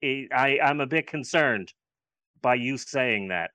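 A man's voice: medium pitch, expressive, measured pace, sharp tone, dry recording. A man co-hosting a casual film review chat, sarcastic and swearing freely. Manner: sarcastic, profane. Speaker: podcast co-host reviewing films.

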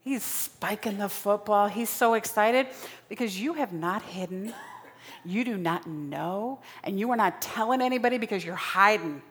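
A woman's voice: mid-range voice, animated, moderate pace, a bit bright. A woman preaching a sermon in a dramatic style, repeating phrases for emphasis. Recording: long reverb of a large hall.

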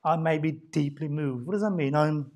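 A woman preaching a sermon in a church. She talks conversationally, asks the congregation questions, and swings from loud emphasis down to hushed near-whispers. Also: low-pitched, moderate pace. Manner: conversational, with rhetorical questions and laughs.

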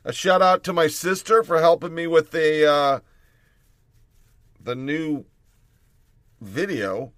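A man's voice: on the high side, slow, pauses often, a bit bright, dry recording, studio quality. A man in his thirties hosting a show with blunt, casual commentary and frequent filler words. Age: 30s. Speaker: show host.

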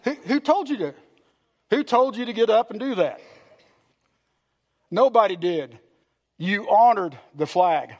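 A man's voice: high voice, animated, a little slow, pauses often, a little mellow. A man, a pastor preaching a sermon to his congregation, earnest and repetitive, asking the room questions. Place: church sanctuary.

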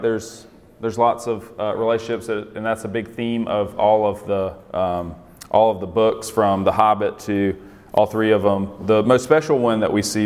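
A man's voice: on the low side, long reverb tail. A man giving a casual sermon, conversational, asking the group questions and laughing often. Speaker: pastor.

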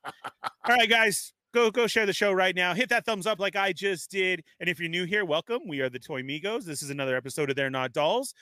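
Bright upbeat male stream host. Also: sits high, fairly quick, no echo. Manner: upbeat, rambling shout-outs to viewers. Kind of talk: live-stream casual chat. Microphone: webcam setup at home.

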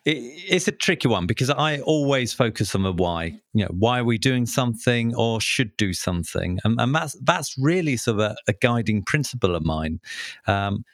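A man's voice: mid-range voice, lively intonation, moderate pace, no echo, clean studio sound. A man co-hosting a podcast, talking casually and hesitantly with many fillers and restarts. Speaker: podcast co-host. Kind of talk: casual conversational chat.

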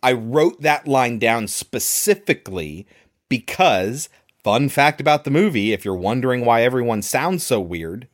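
A man co-hosting a casual movie review podcast, animated and swearing freely as he quotes lines. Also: mid-range voice, measured pace. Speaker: podcast co-host.

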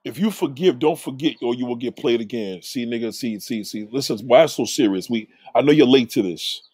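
A man's voice: medium pitch, a little fast, a little mellow, slightly rough, dry recording. A man hosting a livestream, reading chat comments aloud and ranting at them in a preachy, profane, confrontational way.

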